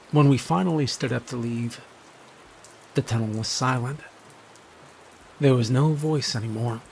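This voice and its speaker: A man telling a first-person horror story in a measured, grave scripted narration. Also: mid-range voice, darkish tone, a little hiss or hum.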